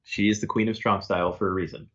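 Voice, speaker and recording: A man's voice: low-pitched, fairly even intonation, quick pace, a bit bright, lo-fi sound. A man from the New York area co-hosting a podcast in casual chat, dry and sighing. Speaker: podcast co-host.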